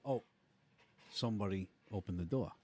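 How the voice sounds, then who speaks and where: A man's voice: on the low side, moderate pace, a little mellow, slightly rough. A middle-aged man co-hosting a podcast, chatting casually and easily. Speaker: podcast co-host. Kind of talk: casual chat.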